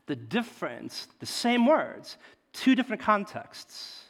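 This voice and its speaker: Man, pastor, sermon, conversational, slightly high voice, long hall reverb. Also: big pitch swings, slow. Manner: conversational, often asks "right?" with swings between loud emphasis and quiet asides.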